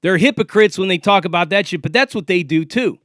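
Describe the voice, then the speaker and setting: A man in his forties delivers a combative, profanity-laced rant straight to the camera, calling out a rival. His voice sits high for a man, and the sound is dry and close, with no room around it. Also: a little fast, a bit bright, no echo. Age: 40s. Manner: confrontational, profane, taunting. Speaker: vlogger. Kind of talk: ranting monologue to camera.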